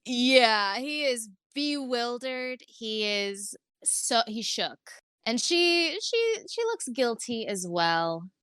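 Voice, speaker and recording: Woman, podcast co-host, excited casual recap, laughs a lot, smooth voice, dry close mic. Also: on the high side, takes it slowly, few pauses, dry recording. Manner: enthusiastic, laughs often, rambling with fillers.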